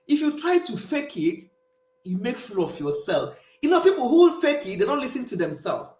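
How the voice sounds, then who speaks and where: A Nigerian woman hosts a casual live stream, chatting warmly in her Nigerian accent and answering viewers' comments as they come in, often bursting into laughter. Her voice is on the high side and very animated, at a normal speed, with a roomy echo around it.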